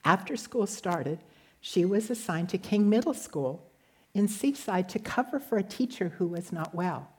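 A woman giving a gentle devotional sermon that tells a story and ends in prayer. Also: medium pitch, expressive, unhurried, slightly rough. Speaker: speaker giving a devotional talk.

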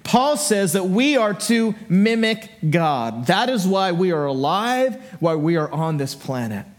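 High-voiced middle-aged male pastor preaching. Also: very animated, a little slow. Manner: storytelling with playful asides and acted-out voices. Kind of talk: sermon. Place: church sanctuary.

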